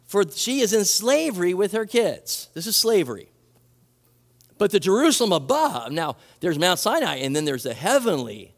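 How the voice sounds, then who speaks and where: A man preaching a sermon as a pastor, animated and conversational, acting out quoted voices and restarting his phrases. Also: high-pitched, moderate pace, in a large hall.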